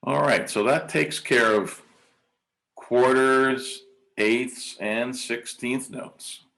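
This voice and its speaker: Extremely slow and creaky, with a medium pitch and a bit of brightness, this man's voice guides a conference workshop demonstration. He's a music teacher counting beats out loud and chanting rhythm syllables, stumbling hesitantly through frequent ums and uhs.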